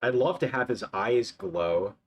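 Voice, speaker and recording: A man's voice: medium pitch, lively intonation, measured pace, slightly rough. Rambling young guy chatting on a livestream. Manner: rambling, full of "like" fillers. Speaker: livestreaming animator. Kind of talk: casual live-stream chat answering viewers.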